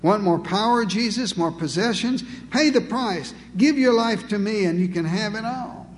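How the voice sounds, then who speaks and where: A man's voice: high-pitched, normal speed, long reverb tail, a little hiss or hum, natural voice. A man voicing a sly, tempting male devil who mocks like a salesman. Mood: mocking, tempting.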